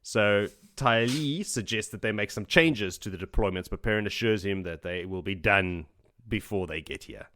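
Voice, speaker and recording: This man's voice sits on the lowish side, pushed and bright, moving at a moderate pace. As a podcast host he walks through a book chapter by chapter, joking around, chatting and laughing frequently.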